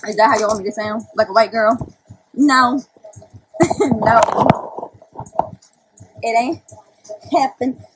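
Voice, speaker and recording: A woman's voice: a little high, slow, pauses often, very noisy. Brash, profane young woman livestreaming. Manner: brash, profane, laughing often. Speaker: live streamer. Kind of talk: casual livestream chat to viewers. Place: indoors on a live stream.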